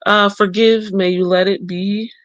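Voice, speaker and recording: A woman talks slowly and unhurriedly into a close microphone, in a dry room with no echo. She reads each card's short blessing aloud. Then she thinks aloud about the picture, trailing off and starting again. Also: medium pitch, steady tone, dull audio. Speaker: tarot and oracle deck reviewer. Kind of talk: casual deck walkthrough. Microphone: close mic.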